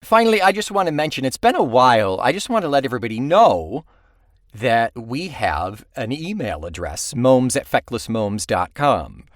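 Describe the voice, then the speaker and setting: A man co-hosting a music podcast, reading listener mail and plugging the show in a relaxed, chatty way. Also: mid-range voice, normal speed, dry recording, clean studio sound. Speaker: podcast co-host. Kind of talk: casual chat.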